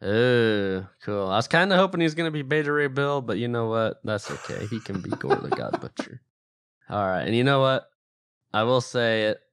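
A man's voice: medium pitch, animated, normal speed, fairly bright tone, clean tone, no room sound, studio quality. A man co-hosting a podcast, chatting casually and playfully about a movie. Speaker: podcast co-host. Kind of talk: casual movie review chat.

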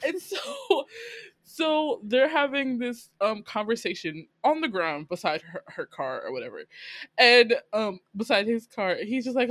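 Woman gushing over a tv episode, bright sharp voice, acts out lines. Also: a little high, measured pace, no echo. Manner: animated storytelling, laughing often, acting out lines. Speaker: podcast co-host recapping a drama. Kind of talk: casual chat.

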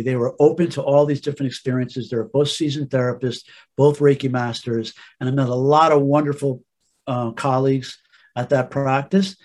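Man, podcast guest, earnest, rambling storyteller, mid pitch. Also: darkish tone.

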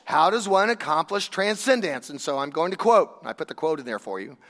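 A man preaches in a loose, conversational way, pressing his points with emphasis and rhetorical questions. His voice sits fairly high for a man. The sound rings with the long reverb of a large hall. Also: expressive, brisk, hardly any pauses, a bit bright. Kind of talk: sermon.

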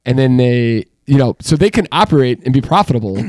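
A man's voice: mid-range voice, lively intonation, fairly quick, a little mellow, no echo. A man co-hosting a casual podcast chat, telling stories in an emphatic, rambling way. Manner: chatty, storytelling, emphatic. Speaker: podcast co-host.

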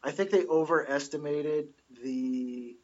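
A man co-hosting a casual chat, calmly explaining details and trivia. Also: fairly high pitch, unhurried, breathy edge, highs cut off.

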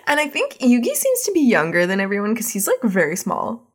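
Animated young woman swearing freely. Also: a little high, brisk, breathy edge. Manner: animated, swears a lot, heavy use of "like"; acts out characters' lines in exaggerated voices. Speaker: podcast host. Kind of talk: casual chat recapping an anime episode.

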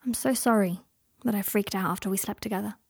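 A woman voicing a tender, earnest young man in love, pleading softly. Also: mid-range voice, fast talker, gravelly, slightly rough, no echo, clean studio sound.

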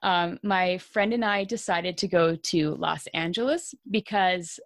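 A woman's voice: lowish voice, unhurried, dry recording, studio quality. Laughing Canadian woman telling a story. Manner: laughs often, animated storytelling. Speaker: podcast co-host. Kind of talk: casual chat, storytelling.

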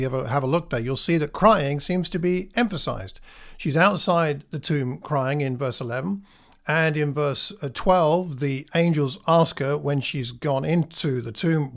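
A man preaching a sermon in a reflective, conversational way, with slow, emphatic pauses. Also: fairly high pitch.

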